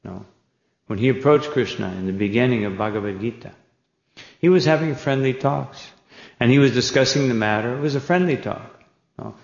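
Gravelly man lecturing in an echoey hall. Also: on the low side. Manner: retells dialogue in character, tag question "No?". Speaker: spiritual teacher. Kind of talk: scripture lecture. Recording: echoey hall, dull lo-fi sound.

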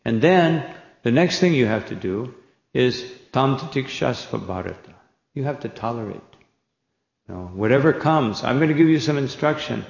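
A man teaching as a spiritual teacher gives a scripture lecture, retelling dialogue in character and frequently ending points with "No?". His medium-pitched, gravelly voice has lively intonation at a normal speed, recorded in an echoey hall with dull lo-fi sound.

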